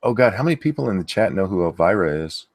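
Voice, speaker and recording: A man's voice: deep voice, sing-song, fast, no room sound, clean studio sound. A man co-hosting a stream, giving laid-back, matter-of-fact replies in casual chat. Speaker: streamer co-host.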